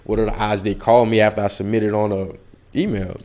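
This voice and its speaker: A young man, an actor, casually telling a story in an interview and acting out the dialogue with lively voices. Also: on the low side, fairly quick. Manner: animated, acts out dialogue in the story. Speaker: actor guest.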